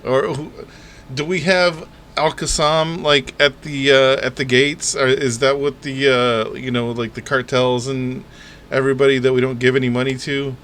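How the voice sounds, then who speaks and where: A man's voice: medium pitch, level tone, moderate pace, fairly bright tone, a little hiss or hum. A man giving casual, mocking commentary on news clips, laughing and rambling between them.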